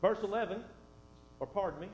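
A man preaching a sermon and reading scripture, folksy and conversational, dropping soft and then swelling for emphasis. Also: sits high, fairly quick. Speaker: pastor. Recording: roomy, dull sound with faint hum.

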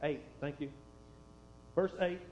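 High-voiced folksy preacher in a roomy hall. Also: male voice, fairly even intonation, slow. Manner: folksy, conversational asides, drops soft then swells for emphasis. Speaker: pastor. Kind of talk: sermon with scripture reading. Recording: roomy, dull sound with faint hum.

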